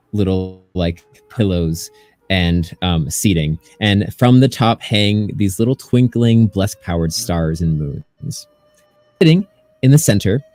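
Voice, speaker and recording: A man narrating as game master, describing scenes in a relaxed way and asking players what they do. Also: lowish voice.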